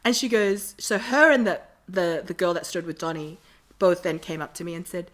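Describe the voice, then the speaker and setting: A woman guest on a podcast, telling a story in a casual, animated way and acting out the quotes. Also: fairly low pitch, moderate pace.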